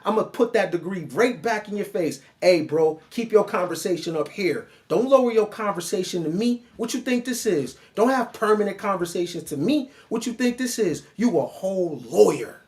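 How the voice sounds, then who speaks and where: A man with a high-pitched voice delivers a reaction commentary monologue. He lectures in an animated, mocking way, talking straight at the person he criticizes. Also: normal speed. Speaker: online commentator.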